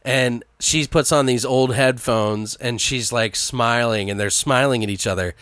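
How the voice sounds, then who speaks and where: Man, casual writer-room chat, animated, profane, bright voice, dry close sound. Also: medium pitch, unhurried, no room sound. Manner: animated, swearing, acts out bits of dialogue.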